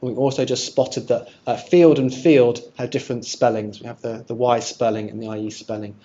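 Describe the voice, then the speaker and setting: A man with a husky voice gives a friendly lecture to a live audience, pausing and restarting as he thinks aloud. The sound is dull and lo-fi. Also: mid-range voice, fairly even intonation, dark tone. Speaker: archive presenter giving a talk. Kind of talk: illustrated lecture with audience questions.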